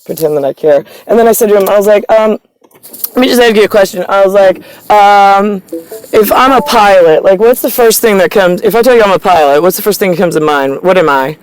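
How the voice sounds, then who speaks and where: A woman's voice: medium pitch, fairly quick, clean tone, rough recording. Rambling, profane woman talking to camera. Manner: profane, meandering, stream-of-consciousness storytelling. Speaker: vlogger. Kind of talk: rambling direct-to-camera monologue.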